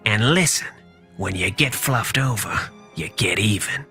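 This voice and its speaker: A woman's voice: extremely low pitch, animated, unhurried, a bit bright, exaggerated voice. A woman voicing a tough male gangster cat boss who talks like an old-movie mobster, in a played clip with music behind. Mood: menacing. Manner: gruff old-movie mobster talk, ends lines with "see?".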